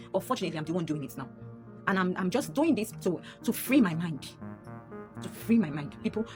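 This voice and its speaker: A young Nigerian woman races through an emotional personal story in a fairly low voice. She repeats lines and jumps up in pitch when frustrated. Music plays clearly underneath her. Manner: animated, rising sharply when upset, repeating lines.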